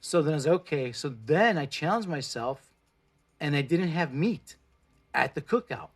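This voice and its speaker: Husky and fairly high in pitch, this man's voice is animated and moves at a normal speed. He's a Mexican plant-based food vlogger in his forties, Spanish his first language, swearing freely and talking bluntly as he gives pep talks during an indoor livestream.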